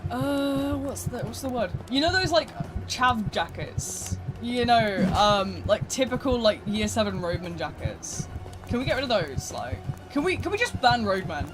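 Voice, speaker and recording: A British live streamer chatting casually and rambling while gaming, swinging between loud asides and quiet mutters. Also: medium pitch, very animated, a little slow, over music.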